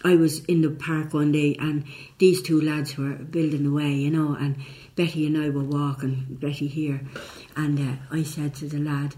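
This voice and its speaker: A woman's voice: low-pitched, level tone, normal speed, warm tone. An older woman with an Irish accent, chatting as she remembers her years working at a paper mill. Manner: chatty storyteller with restarts. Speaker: interviewee, former mill worker. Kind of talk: casual reminiscing.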